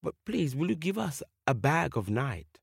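A man's voice: a little high, very animated, normal speed, vocal fry, breathy edge, dry recording, studio quality, full character voice. A man voicing an earnest, brave but nervous young male warrior, pleading politely, in a children's story.

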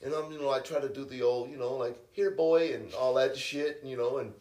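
A man's voice: medium pitch, steady tone, fairly quick, darkish tone, echoey room. A man co-hosting a podcast, telling a story in casual, heavily profane chat. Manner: profane, laid-back storyteller. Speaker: podcast co-host.

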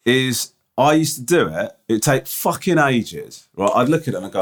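A man co-hosting a podcast in casual chat, who reads listener emails aloud and tells self-mocking stories with halting restarts. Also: mid-range voice, sing-song. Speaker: podcast co-host.

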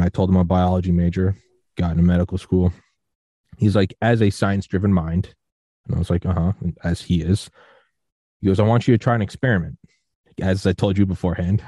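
Young man, podcast host, deep voice, mellow tone, rambling casual storytelling. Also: no room sound, clean studio sound. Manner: rambling storyteller, quotes others in animated voices. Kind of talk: casual interview chat.

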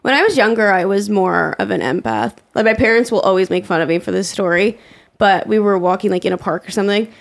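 Woman with a lively, gravelly voice. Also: medium pitch, fast talker. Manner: expressive, laughs and gasps often. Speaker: podcast co-host. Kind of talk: casual chat.

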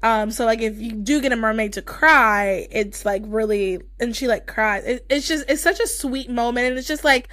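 A woman's voice: a little high, normal speed, hardly any pauses, fairly bright tone, no echo. A young woman co-hosting a podcast, gushing in casual chat with lots of fillers. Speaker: podcast co-host.

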